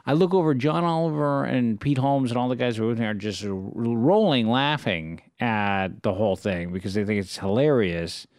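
A man and stand-up comic chatting casually, an animated storyteller who acts out his own yelling. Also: mid-range voice, moderate pace, few pauses, smooth, no echo, studio quality. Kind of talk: casual chat.

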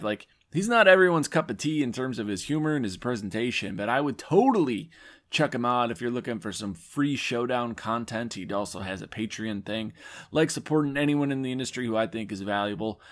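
A man hosts a podcast in casual chat, upbeat and rambling. His voice sits at a middling pitch, plain and even. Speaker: podcast host.

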